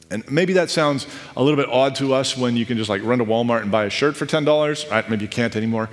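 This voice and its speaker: A man in his thirties preaching a sermon, telling stories in a conversational, animated way with asides. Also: medium pitch, fast. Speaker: pastor. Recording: echoey hall with long reverb.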